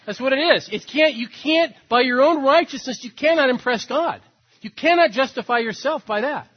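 A man's voice: very high-pitched, normal speed, breathy edge, lo-fi sound. A man preaching a sermon as pastor, acting out the voices of others and rising to emphatic peaks.

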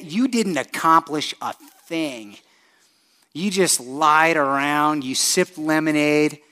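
A man preaching a sermon as pastor, asking the congregation direct questions and swinging from hushed, slow lines to loud, emphatic ones. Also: fairly high pitch.

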